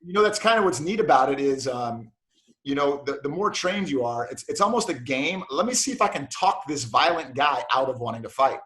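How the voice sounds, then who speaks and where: A man, a police officer and martial arts black belt, telling animated stories in a casual interview and acting out the dialogue. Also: mid-range voice, fairly quick, reverberant.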